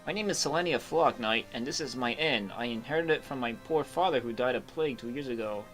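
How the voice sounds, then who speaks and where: A man's voice: mid-range voice, fast talker, fairly bright tone, soft background music, natural voice. A man reading game dialogue aloud, voicing a grieving young woman innkeeper who begs a knight for help in a tearful, pleading way.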